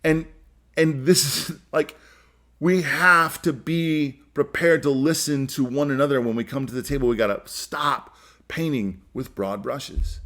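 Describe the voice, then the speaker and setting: A man's voice: medium pitch, unhurried, a bit bright. A man hosting a solo podcast, talking earnestly and emphatically, repeating key phrases and restarting sentences. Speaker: podcast host.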